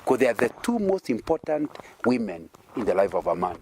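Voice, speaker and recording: A man's voice: lowish voice, big pitch swings, fairly quick, warm tone, a little hiss or hum. A man with a Kenyan accent, from Kenya, preaching an interactive sermon. He keeps checking in with his listeners through rhetorical questions and chuckles.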